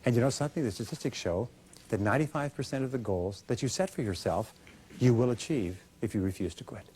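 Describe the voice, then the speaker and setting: Energetic male seminar speaker. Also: mid-range voice, quick pace, a little hiss or hum. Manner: energetic, animated, acts out quoted voices. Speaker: motivational speaker. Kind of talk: motivational seminar talk. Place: seminar hall before a live audience.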